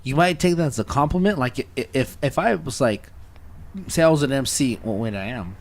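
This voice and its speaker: A man's voice: medium pitch, lively intonation, a little fast. A young man hosting a casual music critique show, talking in an emphatic, rambling way and swearing freely. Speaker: host.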